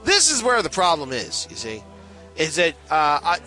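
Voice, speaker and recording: Rambling man with a bright voice. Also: a little high, wildly swooping pitch, faint music behind, poor audio. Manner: rambling, halting, full of restarts and laughs. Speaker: podcast co-host. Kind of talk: casual chat, reading a listener's letter aloud.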